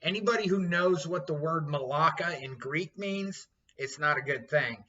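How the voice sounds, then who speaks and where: A man's voice: fairly high pitch, moderate pace, bright, forceful tone. A man in his fifties, a chef, telling a story in casual chat, blunt and profane. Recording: dull lo-fi sound.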